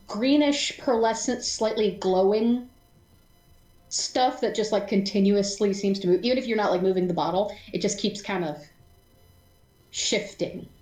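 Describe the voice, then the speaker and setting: Animated woman running a tabletop game. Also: mid-range voice, roomy sound, poor audio. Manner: animated, laughing, lots of fillers and restarts. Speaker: game master.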